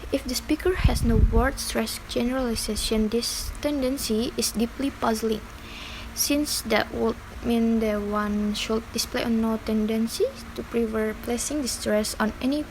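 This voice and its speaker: A young woman with an Indonesian accent who speaks Indonesian as her first language, reading an academic lesson aloud in a careful, slightly halting way, with small grammar slips. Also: fairly high pitch. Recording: faint background noise.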